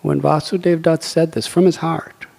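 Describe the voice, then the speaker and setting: A man, a monk teaching scripture, giving an earnest devotional sermon in a soft, fervent storytelling manner. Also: on the high side, flat delivery, moderate pace, vocal fry. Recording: echoey hall.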